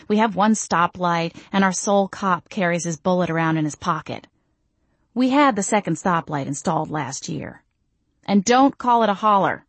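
A woman's voice: on the low side, no room sound. A woman reading a first-person audiobook in a wry, self-deprecating way. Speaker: audiobook narrator.

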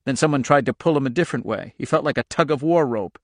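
A man narrates a novel in a steady, measured storytelling voice of middling pitch. The recording is close and completely dry, with a studio audiobook feel. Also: no room sound. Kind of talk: scripted narration.

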